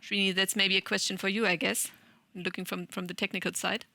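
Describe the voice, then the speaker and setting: A woman moderates a panel in a bright, clear voice, recorded dry and close. She poses questions and sums up points with small hesitations. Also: medium pitch, level tone, fairly quick, dry recording.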